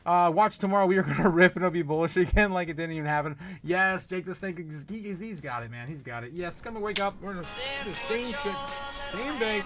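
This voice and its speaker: A high-pitched man hosts a casual livestream, reading out viewer comments and greeting each one by name. He giggles often and rambles, with plenty of uh's and restarts. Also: animated, a little fast, fairly bright tone, soft background music. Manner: laughs often, greets chat members by name, rambling with many fillers. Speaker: livestream host.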